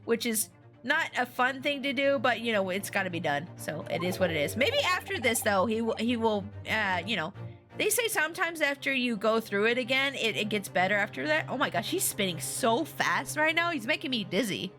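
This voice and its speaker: Bright, chatty woman streamer. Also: on the high side, sing-song, moderate pace, faint music behind. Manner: playful, chatty, giggly, reacts aloud, greets chat. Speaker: VTuber streamer. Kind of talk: casual live-stream game commentary.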